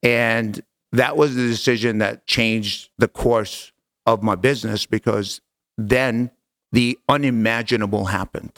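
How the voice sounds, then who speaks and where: As a podcast guest, a man earnestly and emphatically tells his story in conversation, repeating phrases for weight. His medium-pitched voice is unhurried, fairly even and a bit bright, with studio quality and no room sound.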